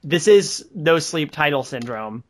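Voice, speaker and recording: Giggly man with a slightly high voice. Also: lively intonation, measured pace. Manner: laughs often, rambling restarts. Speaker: podcast host. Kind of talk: casual group chat.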